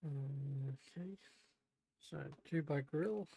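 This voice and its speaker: A woman live-streaming at home, murmuring quietly to herself as she builds. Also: low-pitched, extremely slow. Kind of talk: casual live-stream commentary. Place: home room.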